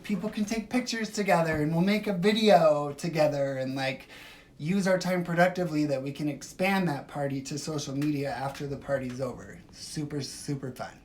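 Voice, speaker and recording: A woman's voice: low-pitched, darkish tone. Chatty woman hosting a phone livestream. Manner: chatty and emphatic, swinging from gushing to dismissive. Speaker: livestream host. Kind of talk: casual livestream chat reading viewer comments.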